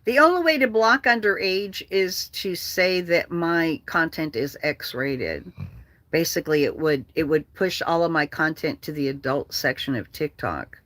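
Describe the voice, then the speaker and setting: Older woman, livestream host, blunt profane rant, low voice, dry close-mic sound. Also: a bit bright, no echo. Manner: blunt, profane, ranting, reads comments aloud. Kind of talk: casual ranting livestream chat.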